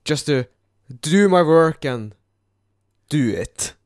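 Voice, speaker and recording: A Norwegian man co-hosts a casual English-language podcast and speaks in short, joking replies. He is a native Norwegian speaker with a lively, animated voice, recorded with a dry, close sound. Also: fairly high pitch, takes it slowly, no room sound. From Norway. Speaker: podcast co-host.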